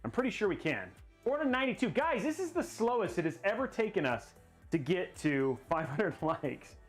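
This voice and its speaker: Very animated and high-voiced, a man talks at normal speed to his chat while building a PC on a casual stream. Faint music sits behind his rambling, goofy commentary, and he keeps joking and laughing at himself.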